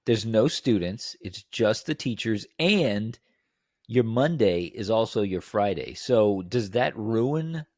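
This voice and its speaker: A man with a low voice and a lively, wide pitch range asks question after question with curious insistence. The sound is close and dry, like a home podcast mic. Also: slow, no room sound. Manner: curious, keeps pressing a question. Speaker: podcast co-host. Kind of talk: casual chat.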